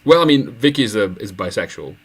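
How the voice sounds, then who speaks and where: A man's voice: fairly low pitch, animated, brisk, slightly rough. A man on a podcast panel in casual chat, talking loosely, trailing off and laughing between thoughts.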